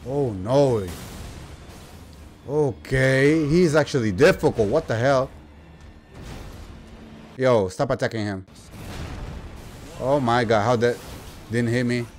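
A man giving casual gameplay commentary, slangy and playful, breaking into loud excited yelps and exclamations. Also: medium pitch, takes it slowly, pauses often, faint music behind. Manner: slangy, playful banter at the game. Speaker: gaming YouTuber.

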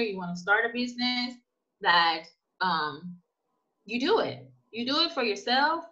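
A woman's voice: medium pitch, dull audio. A woman guest in a conversational interview, telling stories emphatically and acting out quoted dialogue. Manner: emphatic, animated storytelling with acted-out quotes. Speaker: guest, immigrant business owner.

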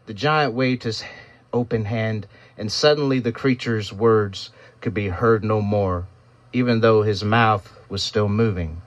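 A man narrating a first-person story in a steady, reflective storytelling manner. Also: lowish voice, a little slow, dry recording.

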